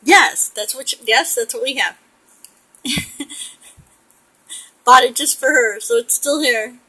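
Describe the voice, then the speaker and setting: A woman's voice: high-pitched, slow pace, pushed and bright, slightly rough, low-quality recording. A middle-aged woman from the United States chatting in a rambling way while she paints a pet portrait, often laughing. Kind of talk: casual chat while painting.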